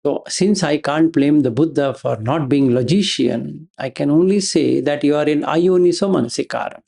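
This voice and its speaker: This is a man delivering a Dhamma talk in a dark, gravelly voice. He reasons aloud through pointed rhetorical questions, returning again and again to Pali terms. His tone is blunt, brushing emotion aside as illogical. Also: fairly high pitch, moderate pace. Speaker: Buddhist Dhamma teacher.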